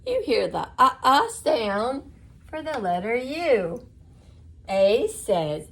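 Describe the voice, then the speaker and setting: A woman teaching young children the vowel sounds, drawing out each sound slowly and praising them. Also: mid-range voice, big pitch swings. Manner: slow, sing-song, drawn-out repeated sounds, encouraging; warm praise and soft blessing to close. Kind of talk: slow phonics lesson for children.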